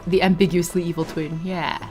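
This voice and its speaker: A young woman casually chatting while streaming a video game. She talks in a chatty, easily distracted way, with bursts of excited exclamations. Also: fairly low pitch, a little fast, faint music behind. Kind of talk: casual live gameplay commentary.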